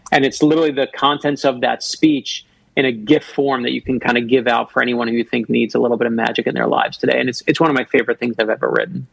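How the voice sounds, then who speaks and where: A man's voice: medium pitch, steady tone, fast talker, gravelly, a bit bright, slightly rough, no room sound, rough recording. A man in his fifties from Florida, a guest author telling personal stories in a radio interview and acting out the voices he quotes. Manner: earnest storyteller who acts out quoted voices.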